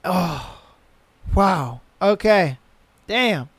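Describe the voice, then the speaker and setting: A male podcast host talks slowly and deliberately, reacting to read-out listener stories with blunt, profane disbelief. His voice sits at a middling pitch, recorded close on a podcast mic in a dry, dead room. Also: lively intonation, breathy edge, no room sound.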